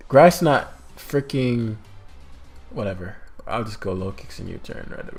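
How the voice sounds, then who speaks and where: A man commentating his own competitive game in a casual, put-on British-sounding accent, swearing now and then with sudden loud outbursts. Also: fairly low pitch, sing-song, moderate pace, vocal fry, soft background music.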